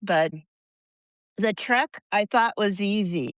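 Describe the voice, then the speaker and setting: An American woman in her sixties, a podcast guest telling rambling, animated stories and acting out the voices of people she quotes. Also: mid-range voice, slow, no echo. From United States. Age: 60s. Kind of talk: casual storytelling.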